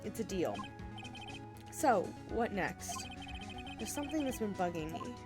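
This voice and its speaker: A woman's voice: medium pitch, sing-song, unhurried. A woman reading the lines of an earnest, determined young male defense lawyer, with video game music playing behind.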